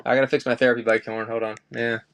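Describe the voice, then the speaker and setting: A man's voice: medium pitch, little pitch movement, fast talker, a bit bright. A man hosting a live collectibles sale, chatting casually and rambling off topic between items. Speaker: live-stream collectibles seller. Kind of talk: casual live-stream chat.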